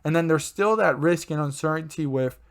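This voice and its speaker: A man's voice: on the high side, a little fast, clear, resonant tone. A man hosting his own stock channel, talking in a loose, rambling way, with many fillers and self-corrections. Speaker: stock market channel host. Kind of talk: casual rambling commentary.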